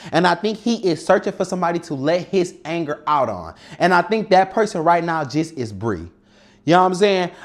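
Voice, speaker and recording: A man from Detroit hosting a casual cooking show, talking bluntly and swearing a lot, muttering to himself at the stove. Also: a little high. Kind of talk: casual talk while cooking. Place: home kitchen.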